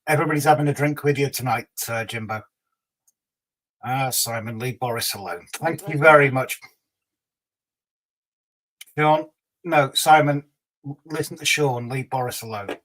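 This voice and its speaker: A man's voice: medium pitch, moderate pace, long pauses, fairly bright tone, rough recording. A man hosting a casual livestream, reading out viewer comments and teasing them in a chatty way. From Scotland. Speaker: livestream host.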